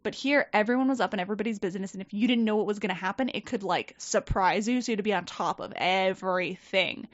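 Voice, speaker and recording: A woman telling a story in casual chat, animated and swearing, acting out quoted people. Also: medium pitch, quick pace, hardly any pauses, dry recording. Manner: animated, profane, quotes people in lively voices. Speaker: podcast guest. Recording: dull, dry podcast mic.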